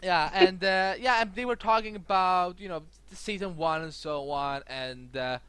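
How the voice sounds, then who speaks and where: A young man co-hosting a podcast in casual chat, excitable and rambling, with lots of fillers and restarts. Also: high voice, unhurried, clear, resonant tone. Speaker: podcast co-host.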